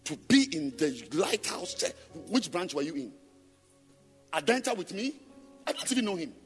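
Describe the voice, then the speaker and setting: A man preaching a sermon in a church on a microphone, emphatic and rhetorical, firing repeated questions at the congregation and swinging between loud sing-song chanting and low murmurs. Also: sing-song, moderate pace, soft background music. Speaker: pastor.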